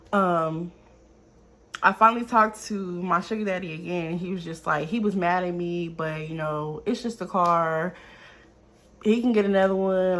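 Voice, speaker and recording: A young woman, telling a storytime vlog in a loose, swearing, talk-to-the-viewers way. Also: on the low side. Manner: lively, talks straight to viewers, swears freely. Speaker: vlogger. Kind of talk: casual storytime.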